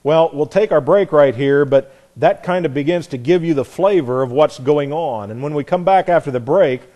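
A man's voice: a little high, normal speed, warm tone. Earnest man teaching a Bible class. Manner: earnest and emphatic, piles up repeated phrases; frequent restarts and self-corrections.

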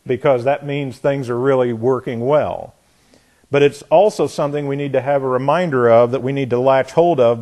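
Guy teaching bible class, rambly, keeps restarting, regular pitch. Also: mellow. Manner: rambling, frequent restarts and asides.

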